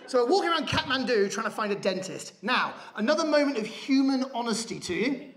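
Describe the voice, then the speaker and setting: A man doing stand-up in a big theatre, his voice bright-pitched and swinging wildly as he tells the story. He tips into shouted rants now and then. The audience laughs loudly around him. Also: expressive, brisk, a faint crowd. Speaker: stand-up comedian. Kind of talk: stand-up comedy set. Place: large theatre stage.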